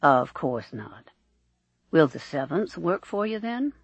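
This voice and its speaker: A narrator voicing a jovial older bishop, hearty and teasing with an old friend, in a dry, slightly dull recording. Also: male voice, on the high side, very animated, slow pace, creaky, slightly rough, dry recording, exaggerated voice. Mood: businesslike.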